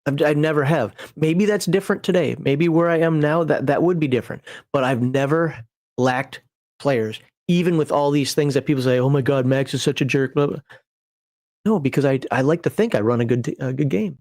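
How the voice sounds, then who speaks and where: Male streamer and game master, casual rambling talk, a bit higher pitched, dry close sound. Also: a little fast, darkish tone, no room sound. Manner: rambling and digressive, chuckling at himself. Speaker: game master and channel host. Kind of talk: casual livestream chat building a character.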